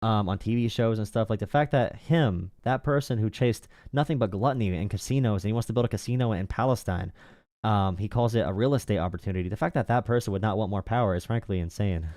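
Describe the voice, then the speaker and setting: A man's voice: fairly low pitch, fast talker, a little mellow, no echo, studio quality. A man hosting a political call-in show, arguing heatedly with a caller, interrupting and repeating his demands. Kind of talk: heated live call-in argument.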